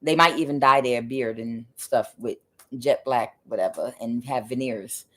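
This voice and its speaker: A woman's voice: extremely low pitch, measured pace, a bit bright. A woman tarot reader giving a spiritual reading in an emphatic, preachy way, with frequent fillers.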